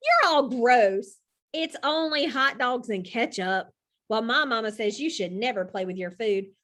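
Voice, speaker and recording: A woman's voice: on the high side, animated, a little slow, a bit bright. A woman voicing a prissy second-grade girl who is easily disgusted, reading a storybook aloud. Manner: disgusted, huffy.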